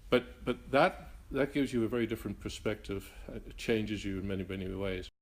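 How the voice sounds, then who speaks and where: An older man with a detribalized accent, Northern Irish roots worn down by years in southern Africa. His voice sits low, and he reflects in an interview, halting, restarting, and circling back to his point. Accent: mixed Northern Irish and Rhodesian. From Northern Ireland. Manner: halting, many restarts and fillers.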